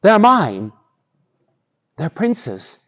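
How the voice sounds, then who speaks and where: A man's voice: sits high, huge pitch swings, extremely slow, fairly bright tone, dull audio, exaggerated voice. A man voicing an earnest young prince in a folktale, eager and pleading.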